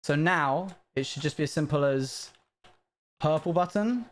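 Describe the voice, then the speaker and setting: A man chats loosely with viewers while streaming a building game, speaking a little slowly. Whenever something goes wrong, he breaks into panicked, high-pitched bursts.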